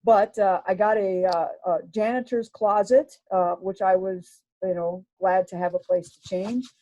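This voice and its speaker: A woman's voice: mid-range voice, fairly even intonation, a little slow, warm tone, no room sound. A middle-aged woman, a sports official telling stories from her career in a chatty way, with many fillers and restarts. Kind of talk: casual storytelling. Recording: dull lo-fi sound.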